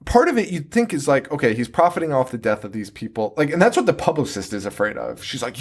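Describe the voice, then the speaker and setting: A man's voice: mid-range voice, fast talker, hardly any pauses. A man co-hosting a podcast, chatting casually and profanely as he mocks a movie. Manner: profane, animated, mocking. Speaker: podcast co-host. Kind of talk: casual chat recapping a movie.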